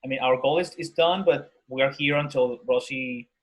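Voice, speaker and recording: A man moderating an online workshop, briskly keeping time and handing the mic to participants. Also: mid-range voice, a bit bright, rough recording. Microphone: video call.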